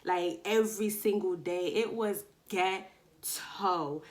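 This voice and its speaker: A woman from Long Island, casually telling a storytime vlog to camera at home, slangy and animated, acting out bits of dialogue. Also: fairly low pitch, slow pace. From Long Island, New York. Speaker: vlogger. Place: indoors at home, daytime.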